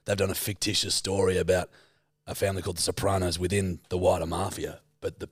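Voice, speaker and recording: A man's voice: low voice, quick pace, slightly rough, no echo, studio quality. A man co-hosting a casual podcast chat, joking and swearing. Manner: does lively accent impressions, swears casually. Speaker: podcast co-host.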